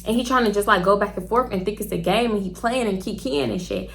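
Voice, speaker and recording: A young woman vlogger telling a story in a blunt, profane, animated way. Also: medium pitch, fast, vocal fry. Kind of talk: casual storytelling.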